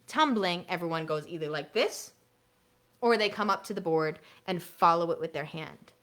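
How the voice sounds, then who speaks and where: A woman teaching an online workshop for elementary music teachers, chatty and energetic, sometimes singing short songs to demonstrate. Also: lowish voice, moderate pace.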